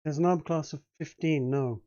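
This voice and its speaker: A man running a tabletop game as game master in an easygoing, slightly halting way. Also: fairly high pitch, warm tone, muffled recording.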